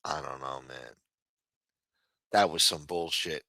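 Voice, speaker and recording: A man rants on a livestream with a bright, forceful voice, swearing nonstop and getting worked up. The sound is dry and close, with no room around it. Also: extremely low pitch, slow, vocal fry, pauses often, dry recording. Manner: heated, swears constantly, mocks others in raised voices. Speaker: livestream commentator. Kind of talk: casual profane rant.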